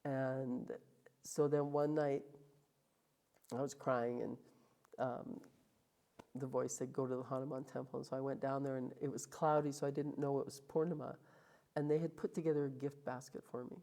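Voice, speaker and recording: A middle-aged woman sits for an interview and tells her life story in a low voice. Her tone is mellow and warm, and she slips into acted quotes as the memories carry her along. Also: flat delivery, moderate pace. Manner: emotional, vivid retelling with acted quotes. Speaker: guest.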